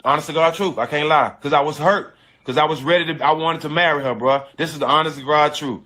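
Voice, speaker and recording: A man's voice: on the high side, fairly even intonation, fast talker, bright, forceful tone. A man telling a personal story in casual slang, emphatic and repetitive, often restarting his sentences. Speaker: storyteller guest.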